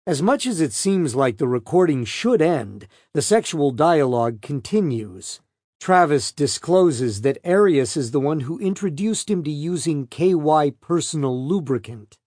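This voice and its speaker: A man's voice: fairly high pitch, lively intonation, measured pace, darkish tone, dry recording, clean studio sound. A man narrating a true-crime audiobook in a plain, matter-of-fact reading.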